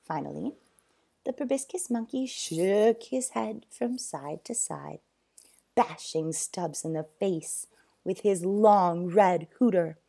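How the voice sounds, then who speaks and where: A woman reading a children's storybook aloud, expressive, with loud sound effects. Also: on the low side, slow pace, gravelly, slightly rough.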